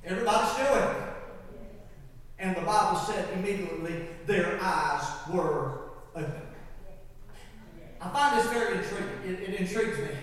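A man preaches a sermon with fervent swings between loud shouts and quiet lows. His voice sits high for a man. The sound is distant and washed in long church-hall echo. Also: normal speed, pauses often. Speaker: lead pastor. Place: large church sanctuary. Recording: echoey hall from far off.

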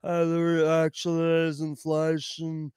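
A man doing a slow, halting impression of an older woman financial official, full of hesitations. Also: on the high side, monotone, a little mellow, clear, resonant tone, dry recording, studio quality, pitched below the performer's own voice. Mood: sheepish.

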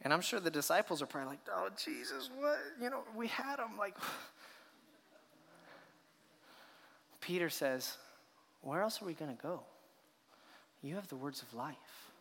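A man's voice: fairly high pitch, expressive, measured pace, long pauses, bright, forceful tone. A man preaching a sermon as a pastor, telling the story with rhetorical questions and acted reactions. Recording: long hall reverb.

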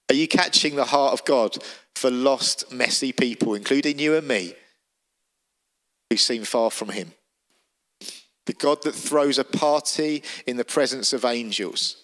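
A man's voice: mid-range voice, unhurried, long pauses, a bit bright. A man preaching a sermon, telling the story vividly and with emphasis.

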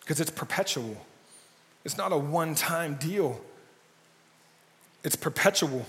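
Male pastor, casual and jokey, slightly high voice, long church reverb. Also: lively intonation, takes it slowly, pauses often, a bit bright. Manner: casual and jokey, often asks "right?". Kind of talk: conversational sermon. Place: church sanctuary.

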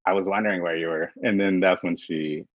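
A man co-hosting a casual pop culture chat, sassy and dismissive with drawn-out asides. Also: deep voice, fairly even intonation, no echo. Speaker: podcast co-host. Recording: dry, dull lo-fi sound.

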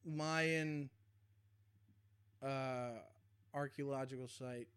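A man's voice: medium pitch, fairly even intonation, extremely slow, a bit bright, clean tone. A young man in casual chat, laid-back and profane, laughing often.

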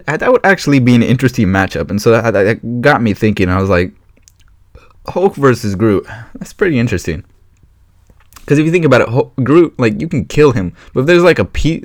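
A man hosting his own podcast in a casual solo chat, rambling and excitable with many fillers and restarts. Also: mid-range voice, no room sound, clean studio sound. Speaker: podcast host.

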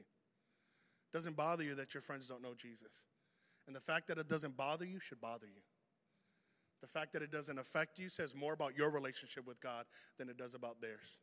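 A man preaching an energetic sermon, telling a story and swinging between loud bursts and hushed lines. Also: mid-range voice. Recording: reverberant hall.

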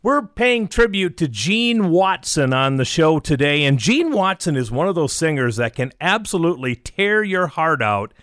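A man's voice: on the high side, fairly bright tone, no room sound, clean studio sound. A man hosting a classic country radio show, reading dates and song facts in upbeat, chatty announcer patter. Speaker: radio host. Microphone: close studio microphone.

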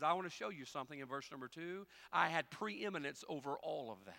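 A male pastor preaching a sermon, moving from quiet folksy storytelling with humorous asides to loud, rising emphasis. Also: on the high side, expressive, quick pace, vocal fry, few pauses.

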